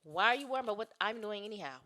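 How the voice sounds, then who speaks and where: A woman's voice: mid-range voice, lively intonation, rapid-fire, pushed and bright. A woman on a casual podcast, telling a workplace story in a blunt, profane way. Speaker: podcast co-host.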